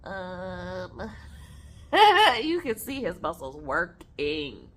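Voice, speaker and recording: A young woman vlogger at home, casually telling a story to viewers in an animated, chatty way. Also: on the low side, drawn-out words. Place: at home on the floor with her snake.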